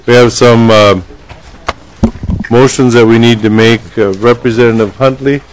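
A man chairing a legislative committee meeting in a formal, halting way, pausing often on fillers. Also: medium pitch, fairly even intonation, slight background noise, poor audio. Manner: halting, frequent filler pauses.

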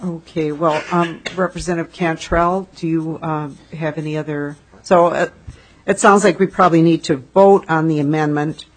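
A woman's voice: low-pitched, steady tone, moderate pace, low-quality recording. A woman chairing a legislative committee hearing, talking with many fillers and restarts.

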